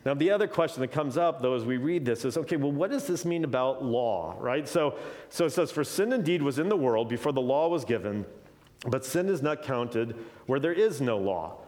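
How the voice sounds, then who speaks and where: A man's voice: mid-range voice, expressive, moderate pace, darkish tone. A male preacher giving a conversational Bible teaching, often checking in with "right?" and shifting his pace with energy.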